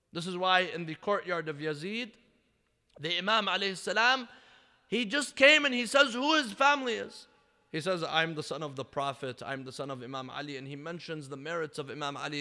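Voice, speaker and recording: A male preacher telling a story in a sermon with an Iraqi Arabic accent, swinging between loud declaiming and hushed near-whispers, chanting some phrases. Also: a little high. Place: mosque or community center hall. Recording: echoey hall.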